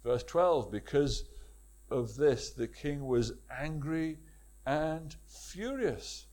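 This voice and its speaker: Man, preacher, sermon, emphatic, rhetorical questions, slightly high voice. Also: expressive, very slow, a little mellow.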